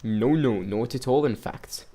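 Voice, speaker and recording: A man voicing a gossipy middle-aged male neighbor in a game, attempting a rough Scottish-style accent. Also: medium pitch, measured pace, dark tone, lightly acted. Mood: chatty.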